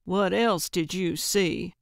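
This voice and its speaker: A cranky, blunt old woman detective, played by a woman reading a storybook. She talks slowly and snaps back with dry grumpiness, in a close, dry recording. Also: on the low side, creaky, no room sound. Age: older. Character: feisty older woman amateur sleuth, blunt and cranky. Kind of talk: audiobook character voice.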